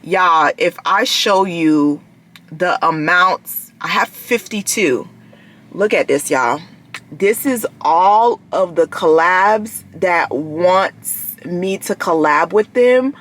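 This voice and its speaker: A woman's voice: fairly low pitch, lively intonation, extremely slow, a bit bright. A woman in her thirties, a vlogger chatting casually to her viewers, often addressing them as "y'all" and trailing off mid-thought. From United States. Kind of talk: casual vlog chat.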